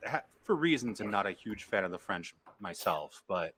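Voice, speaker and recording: A man's voice: on the low side, sing-song, normal speed, a bit bright, a little hiss or hum. A man acting as game master, narrating in character and playfully stumbling over his words.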